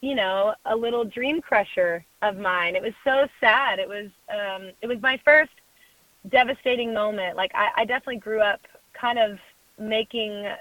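A young adult woman, a guest in an interview, telling a personal story in a lively way, acting out other voices and laughing often. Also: medium pitch, moderate pace, no room sound. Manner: animated storyteller who acts out quoted voices and laughs often. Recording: phone-like dry sound.

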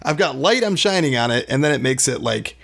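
A man with a gravelly voice and a middle pitch co-hosts a casual podcast. He sounds chatty and enthusiastic and pokes fun at himself. He speaks from a small podcast room. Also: expressive, fairly quick, fairly bright tone. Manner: chatty, enthusiastic, self-deprecating. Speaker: podcast co-host. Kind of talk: casual chat, whiskey tasting.

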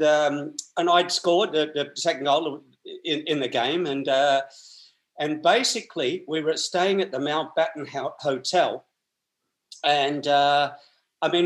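An Australian man, a podcast guest, telling long rambling stories in a chatty way with frequent laughs. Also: fairly high pitch. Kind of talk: anecdotal storytelling.

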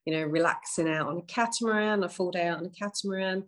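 This is a middle-aged woman chatting casually as a host. She sounds bubbly and excitable and laughs often. Her voice sits a little low. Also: fast. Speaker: business owner and host. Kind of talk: casual chat.

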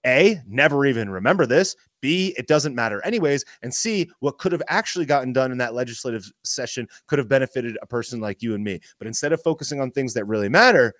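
A man's voice: mid-range voice, expressive, fast talker, few pauses, fairly bright tone, dry recording, studio quality. A man guesting on a political talk show, arguing emphatically with lists and rhetorical questions. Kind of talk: casual political chat.

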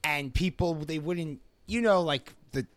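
A man's voice: fairly high pitch, unhurried, dry recording. A young man hosting a podcast, talking in a loose, blunt way with lots of fillers. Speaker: podcast host, restaurant owner. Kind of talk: casual podcast chat.

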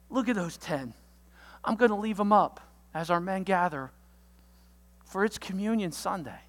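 A pastor giving a sermon, walking through a numbered list of alliterative points with energetic delivery and sudden loud outbursts. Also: mid-range voice, in a large hall. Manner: lists points with alliterative words.

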